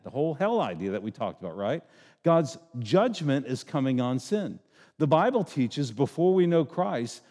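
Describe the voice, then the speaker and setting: Joking middle-aged pastor in a reverberant church. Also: male voice, fairly high pitch, warm tone. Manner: conversational, joking, acts out voices. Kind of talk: sermon.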